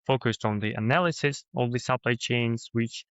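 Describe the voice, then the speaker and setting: A man, a guest policy expert who explains things in a measured way with pauses. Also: mid-range voice, clean tone, dry recording, muffled recording. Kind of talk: interview answers.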